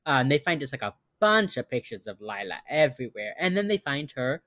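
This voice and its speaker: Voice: medium pitch, sing-song, fairly quick, fairly bright tone, dry recording. A podcast host recapping a TV episode scene by scene from notes, chatting casually with fillers. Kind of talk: casual chat.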